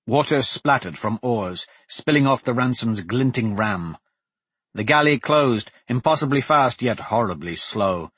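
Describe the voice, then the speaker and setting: A male narrator reads a fantasy audiobook in a measured, steady manner, his mid-pitched voice carrying a husky grain. The recording is dry and close with no room sound.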